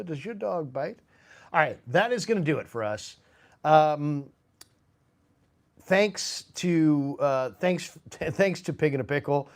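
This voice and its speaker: A man hosting a live sports stream, chatting casually and rambling with fillers and restarts. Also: medium pitch. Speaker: sports show host. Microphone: phone.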